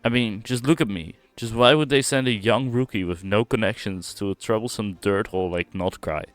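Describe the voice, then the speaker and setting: A man's voice: lowish voice, normal speed, clear, resonant tone, no echo, faint music behind, close to an everyday voice. A man reading game dialogue aloud, voicing a grumbling young male rookie agent in a put-on accent. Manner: put-on accent, slangy complaining.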